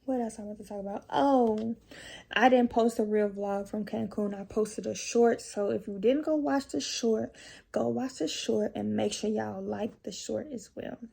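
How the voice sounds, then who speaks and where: Young woman with a gravelly, husky voice. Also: a little high, normal speed. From Chicago area. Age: young adult. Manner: profane, animated storytelling, addresses viewers as y'all and G. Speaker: vlogger. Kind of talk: casual storytime vlog.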